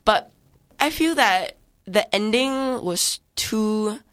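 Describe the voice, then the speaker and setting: A woman's voice: medium pitch, expressive, slow, a bit bright. A woman co-hosting a casual film review chat, retelling plots in a rambling way and laughing often.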